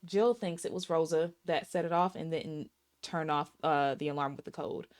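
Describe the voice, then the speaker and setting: A woman's voice: low-pitched, steady tone, moderate pace. A woman in her thirties recapping and reviewing a film in a casual, sassy way, talking straight to her viewers. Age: 30s. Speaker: movie reviewer.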